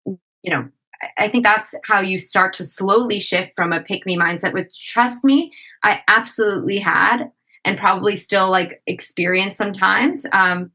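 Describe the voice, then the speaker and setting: A woman's voice: medium pitch, sharp tone, low-quality recording. A woman as a podcast guest, talking reflectively in a casual interview and often saying "like" and "you know".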